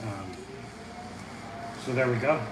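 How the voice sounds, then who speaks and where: A man's voice: mid-range voice, slow, noisy background. A man from the Midwest, chatting casually on a livestream from a concession stand and answering questions from chat. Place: concession stand at a soccer venue.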